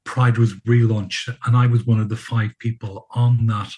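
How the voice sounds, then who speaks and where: A man's voice: medium pitch, level tone, moderate pace, darkish tone, husky, poor audio. A man in his sixties with an Irish accent, telling stories as a podcast guest with dry humour. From Ireland. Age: 60s. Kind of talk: casual podcast chat.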